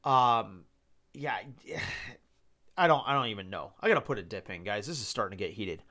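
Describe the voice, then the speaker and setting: A man's voice: on the low side, lively intonation, moderate pace, sharp tone. A young man hosting a podcast, making casual football picks in a rambling, exasperated way with casual swearing. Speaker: podcast host. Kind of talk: casual sports picks monologue.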